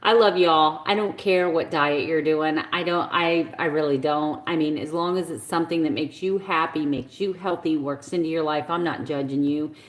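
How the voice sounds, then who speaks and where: A woman's voice: sits low, normal speed, few pauses. A woman, ranting passionately and bluntly as she talks to her viewers on a casual live stream. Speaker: keto vlogger on a live stream. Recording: echoey room.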